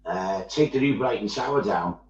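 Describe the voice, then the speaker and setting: Casual male host, mid-pitched and chatty, prone to storytelling, recorded in an echoey, muffled room. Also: normal speed, heavy background noise. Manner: animated storytelling, swears freely, acts out quoted voices. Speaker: miniature painting streamer. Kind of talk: casual chat. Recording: echoey, dull-sounding room.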